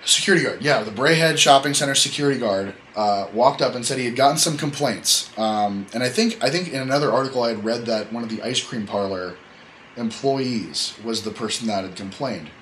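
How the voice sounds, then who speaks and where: A man's voice: mid-range voice, brisk, fairly bright tone, a little hiss or hum, low-quality recording. A man hosting a casual podcast chat, telling a story in a rambling, joking way and correcting himself as he goes. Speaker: podcast host.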